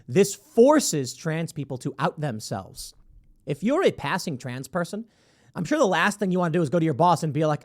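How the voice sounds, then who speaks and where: A man hosts a commentary show, reading out a news story and breaking off into sarcastic, mocking asides. His voice sits fairly high and swings widely in pitch. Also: very animated, moderate pace. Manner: sarcastic, mocking, acts out imagined dialogue. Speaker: show host.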